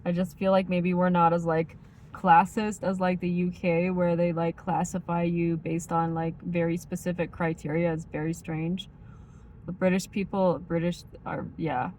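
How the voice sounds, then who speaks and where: A woman with a faint Midwestern accent chatting casually as a vlogger, rambling and filling every pause with "like" and "um". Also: on the low side, level tone, a little mellow, a little hiss or hum. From United States. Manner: rambling, heavy use of like and um. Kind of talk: casual chat.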